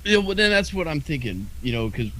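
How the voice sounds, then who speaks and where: A man's voice: a little high, very animated, brisk, sharp tone, poor audio. A man co-hosting a podcast in casual chat, talking in a rambling, hesitant way with frequent restarts and the odd swear word. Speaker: podcast co-host.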